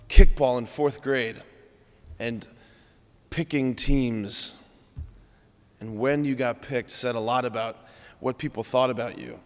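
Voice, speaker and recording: Priest guy preaching a homily, earnest and chatty, echoey church sound. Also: mid-range voice. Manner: earnest, conversational, frequent "like". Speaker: Catholic priest.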